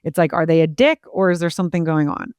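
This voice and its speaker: A woman hosting a podcast in casual conversation, candid with quick asides and casual swearing. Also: deep voice, darkish tone, clean tone, no room sound, clean studio sound. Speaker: podcast host.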